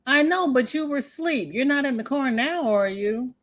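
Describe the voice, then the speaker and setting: A woman's voice: high-pitched, lively intonation, moderate pace. A woman hosting a crochet livestream, chatting casually and greeting viewers by name, with folksy exclamations.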